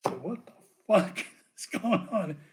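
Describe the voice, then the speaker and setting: Male ex-cop guest, animated and profane storyteller, slightly high voice. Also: slow. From United States. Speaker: podcast guest, former police officer. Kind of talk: storytelling in a podcast interview.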